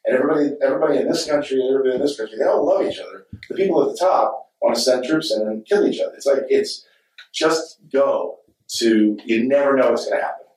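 A man's voice: medium pitch, expressive, fast, a little mellow. A middle-aged man, an actor and director, telling candid rambling stories on a convention panel and laughing readily. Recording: echoey hall, distant mic.

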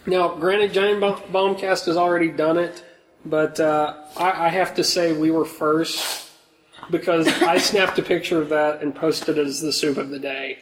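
A man co-hosting a casual podcast, talking in an excitable, joking way. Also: on the high side, measured pace, rough recording. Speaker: podcast co-host.

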